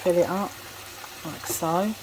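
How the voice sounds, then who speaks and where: A woman's voice: lowish voice, slow pace. A woman vlogger chatting casually through each step of her home cooking, laughing at herself as she goes. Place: home kitchen. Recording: kitchen clatter noise in background. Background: clattering dishes and cutlery.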